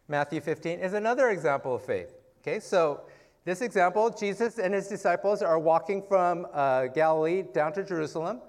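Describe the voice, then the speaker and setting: A man preaching in a casual, conversational Bible-teaching style, often checking in with "okay" and "right?" and asking rhetorical questions. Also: on the high side.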